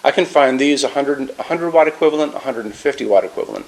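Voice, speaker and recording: A man's voice: mid-range voice, fast talker. A man from the United States presenting a lamp in a casual, enthusiastic way, with many fillers and restarts. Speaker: lighting store presenter. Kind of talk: product demonstration.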